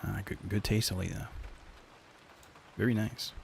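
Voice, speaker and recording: Gravelly-voiced man chatting on stream. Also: on the low side, fairly even intonation, a little slow, a little hiss or hum. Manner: rambling, joking, talks to chat. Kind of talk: casual live-stream chat. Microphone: lapel mic.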